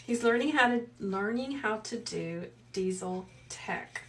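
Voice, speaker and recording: Soft-spoken woman, craft livestream. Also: mid-range voice, expressive, measured pace, recorded from a distance. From South Carolina. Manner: soft, soothing, chatty, reading viewer comments aloud. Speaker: wreath maker and livestream host. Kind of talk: live craft tutorial chat.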